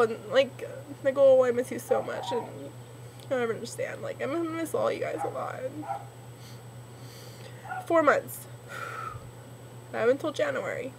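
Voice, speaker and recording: A woman's voice: high voice, fairly quick, creaky, pauses often, darkish tone, a little hiss or hum. A young woman from Northern California talking to her computer webcam, rambling and emotional, full of fillers. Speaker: vlogger. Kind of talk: casual webcam vlog.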